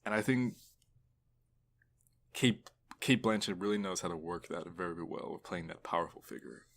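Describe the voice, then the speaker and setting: A man's voice: low voice, normal speed, slight background noise. A young man co-hosting a podcast, chatting casually and enthusiastically with frequent restarts. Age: young adult. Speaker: podcast co-host. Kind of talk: casual chat.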